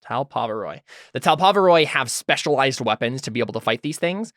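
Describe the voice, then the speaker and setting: A man's voice: medium pitch, lively intonation, quick pace, a bit bright, no room sound, studio quality. A man running a tabletop role-playing game, talking loosely with many fillers and asking the players what they do. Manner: loose, filler-heavy, asks players questions. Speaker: game master.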